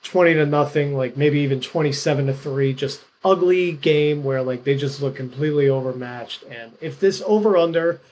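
A man's voice: on the high side, moderate pace, hardly any pauses, darkish tone, a little hiss or hum. A man co-hosting a casual sports betting podcast, talking in a chatty, rambling way full of "like" and "you know.". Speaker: podcast co-host picking games.

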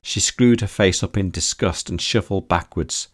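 Male narrator for audiobook fiction, slightly low voice, steady and measured. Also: no room sound, studio quality. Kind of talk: scripted narration.

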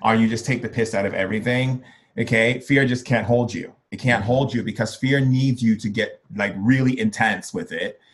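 A man's voice: medium pitch, moderate pace. A man being interviewed as a spiritual workshop leader, talking casually in a playful, joking way and acting out little voices. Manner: playful, jokey, acts out voices.

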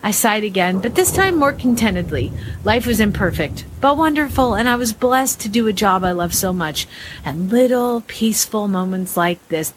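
A woman reading a listener's spooky story aloud, dramatic and expressive as she acts out the suspense and fright. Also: mid-range voice, moderate pace, background noise.

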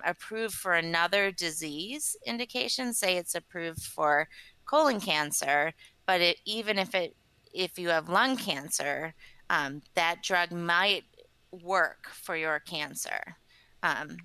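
A woman's voice: on the low side, bright, forceful tone, smooth, no room sound, low-quality recording. A woman who works as a scientist and advocate, explaining earnestly in a podcast interview with frequent ums. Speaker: patient advocate and company scientist.

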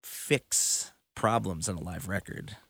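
A man's voice: low voice, slow pace, creaky, a bit bright, breathy edge, no echo. A man, a touring musician, telling stories in casual conversation, rambling and full of fillers. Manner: rambling storyteller, many fillers.

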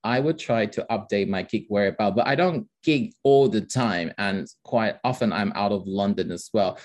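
A man's voice: fairly low pitch, moderate pace, darkish tone. A man with a Taiwanese accent, a comedian speaking as an interview guest in a careful, earnest way. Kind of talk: casual interview.

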